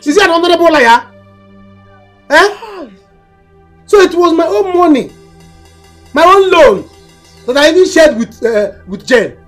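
Nollywood: furious Nigerian woman, high and loud. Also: lively intonation, a little slow, long pauses, soft background music. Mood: indignant. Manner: loud, indignant. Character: angry woman owed money, loud and threatening. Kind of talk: Nollywood film acting.

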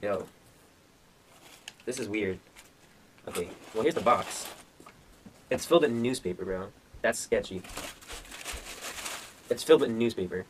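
A young man hosting a casual unboxing vlog, excited and slangy, calling his viewers bro. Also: fairly low pitch, unhurried, pauses often, a little hiss or hum. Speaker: gaming youtuber.

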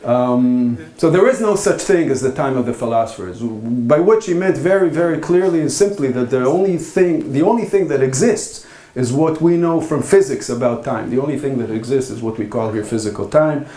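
A man's voice: mid-range voice, expressive, dark tone. Man lecturing in an echoey hall. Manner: halting, thoughtful delivery with frequent pauses. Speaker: philosophy lecturer. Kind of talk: academic conference talk.

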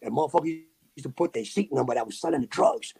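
Gravelly New man telling a story. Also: on the high side, fast. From New York City. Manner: animated street slang with sound effects. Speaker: podcast guest. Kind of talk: casual storytelling.

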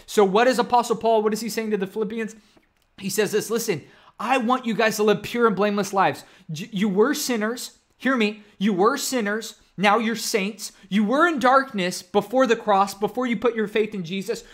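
A man preaching a sermon in a fairly high voice. He teaches earnestly, circling back to his points and speaking straight to his listeners as "you guys". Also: normal speed, fairly bright tone. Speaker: pastor.

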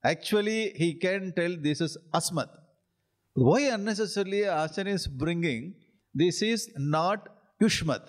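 A man with an Indian English accent, a spiritual teacher giving an interactive scripture class. He keeps checking that his listeners follow, chuckles often, and draws out Sanskrit phrases slowly when he recites them. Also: high-pitched. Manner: repeats checks like "are you getting it?", chuckles often.

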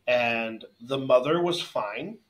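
A man's voice: mid-range voice, slow pace, a bit bright, rough recording. A man co-hosting a martial arts podcast, agreeing readily and telling anecdotes from his own classes. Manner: agreeable, tells anecdotes from teaching. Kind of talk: casual podcast conversation.

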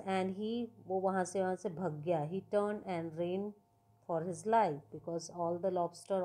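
A woman's voice: mid-range voice, a little mellow. A woman teacher with an Indian accent explaining a story to students, patiently repeating words and mixing in Hindi. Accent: Indian English.

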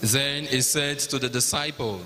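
A man with a Nigerian accent narrating the Passion at a liturgy, in a measured, even reading. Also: mid-range voice. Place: large cathedral. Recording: long cathedral reverb.

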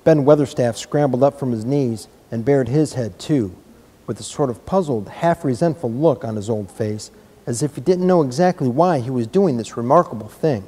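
A man reading a children's novel aloud in a measured, gentle storytelling manner. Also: medium pitch, slightly rough. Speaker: reader.

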